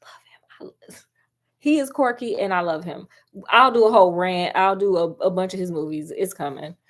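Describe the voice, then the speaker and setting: A woman giving a chatty, animated casual film review, talking straight to her viewers. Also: on the low side, normal speed. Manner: animated, chatty, calls viewers girl and honey.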